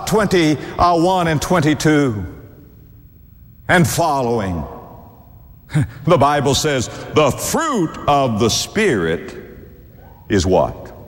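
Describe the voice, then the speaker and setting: A male preacher delivering a fervent sermon, his voice leaping from quiet, low asides to ringing high exclamations. He chuckles between points and calls his listeners dear friend. His words trail off into the long reverb of a large hall. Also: very animated, extremely slow, pauses often.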